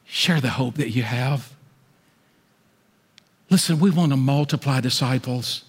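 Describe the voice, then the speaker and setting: A middle-aged man preaching a sermon as pastor, swinging from loud, high appeals down to hushed asides. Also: a little slow, husky, big-room sound.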